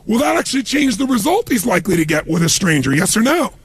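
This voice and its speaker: A man giving a motivational seminar talk to a live audience, telling stories with punchy, animated emphasis and a gravelly, raspy voice. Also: sits high, quick pace, no room sound. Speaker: motivational speaker.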